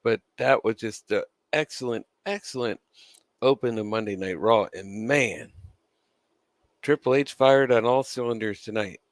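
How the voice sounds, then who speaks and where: A man's voice: mid-range voice, unhurried, no room sound. A man chewing gum with a dry mouth, giving casual, opinionated commentary as a wrestling news vlogger, swearing freely and laughing between points.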